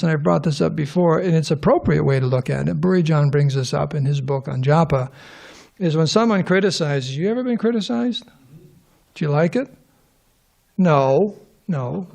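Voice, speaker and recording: Speaking with fairly high pitch, vocal fry and a slightly mellow tone, a middle-aged man teaches scripture informally to a live temple-hall audience. He rambles, starts sentences over and poses questions to his listeners.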